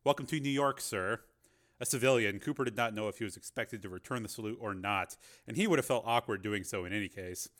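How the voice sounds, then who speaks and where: A man's voice: lowish voice, fast talker, few pauses, fairly bright tone. A man narrating a novel as an audiobook, reading steadily with the odd filler.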